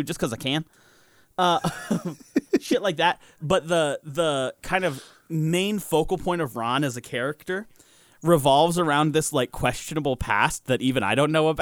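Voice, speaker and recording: A man's voice: a little high, fairly bright tone, no echo. A young man hosting a podcast, telling a story in a loose, casual way, swearing freely and often laughing. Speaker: podcast host.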